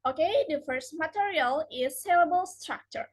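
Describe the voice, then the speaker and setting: A woman's voice: high-pitched, expressive, moderate pace, rough recording. A young woman reading out a prepared lesson, carefully stressing each example word, speaking English as a non-native speaker. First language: Indonesian. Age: young adult. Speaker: student presenter.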